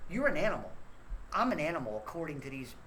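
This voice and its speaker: A man's voice: on the high side, big pitch swings, fast, bright, forceful tone, slight background noise, low-quality recording. A man hosting his own rant show, scolding listeners in a blunt, profane and repetitive way. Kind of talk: angry ranting monologue.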